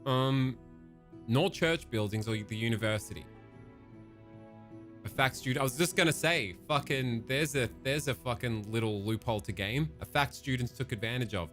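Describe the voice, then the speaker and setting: A man's voice: medium pitch, normal speed, a bit bright, faint music behind. Joking Australian man reading game text. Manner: jokey and profane, breaking off reading for asides. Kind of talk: casual gameplay commentary, reading in-game text aloud.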